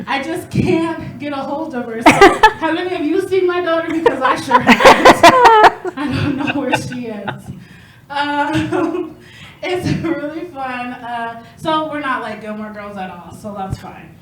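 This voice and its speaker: High-voiced woman comic, roomy echo. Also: unhurried, noisy background. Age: 30s. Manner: chatty, self-mocking, laughs at own jokes. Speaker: stand-up comedian. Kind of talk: stand-up comedy set.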